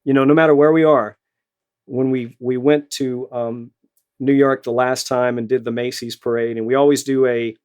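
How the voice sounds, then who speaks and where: A middle-aged man with a Louisiana accent, a retired high school band director telling stories in an interview, with many restarts and fillers. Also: little pitch movement, normal speed, a little mellow, clear, resonant tone. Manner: storytelling, many repeated words and fillers. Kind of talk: casual interview answers.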